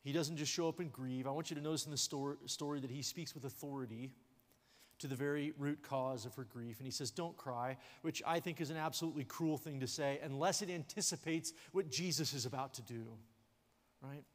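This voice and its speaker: Man pastor, lively sermon delivery, light jokes, sanctuary echo. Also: medium pitch, brisk. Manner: animated preaching with sudden drops to a hush; jokey asides. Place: church sanctuary. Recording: long hall reverb in a church sanctuary.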